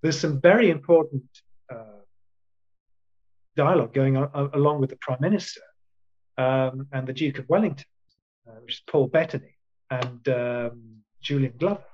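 A man's voice: medium pitch, moderate pace, long pauses, a little mellow, lo-fi sound. Older man telling rambling anecdotes. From England. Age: 60s. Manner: rambling anecdotes with many restarts and quoted asides. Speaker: actor, interview guest. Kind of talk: casual storytelling in an interview.

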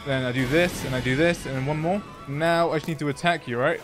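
A young man playing a video game, talking through it with excited, jokey, self-mocking commentary and short narrated asides. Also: a little high, fast talker, over music. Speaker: gaming YouTuber. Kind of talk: playthrough commentary with voice-over narration.

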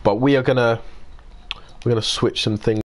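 A man's voice: mid-range voice, fairly even intonation, normal speed, slight background noise. A nineteen-year-old British man live-streaming, casually chatting, answering viewers by name and swearing and grumbling as he plays. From United Kingdom. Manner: swears and grumbles while playing.

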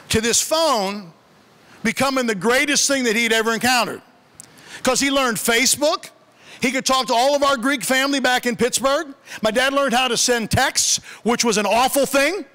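Male pastor, high bright voice, casual joking sermon style, long reverb of a church hall. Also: moderate pace. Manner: conversational, humorous storytelling. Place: church sanctuary.

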